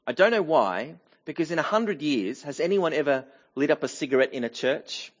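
A middle-aged male pastor preaches a sermon in a church, his voice a little high for a man and expressive. He speaks conversationally, with frequent fillers, pauses, and restarted phrases. The recording sounds somewhat dull and lo-fi.

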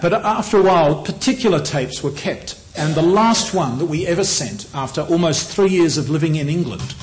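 A middle-aged preacher with an Australian accent, his voice sitting a little higher than most men's. He speaks in a measured, earnest sermon style and often slows down to press a point home. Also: poor audio.

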